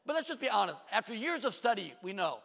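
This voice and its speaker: A middle-aged man preaching a sermon, firing rhetorical questions and asides, sometimes dropping to a hush. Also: high-pitched, creaky. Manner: animated preaching with quick asides, rhetorical questions and hushed drops. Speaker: pastor. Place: church sanctuary. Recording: long reverb of a large hall.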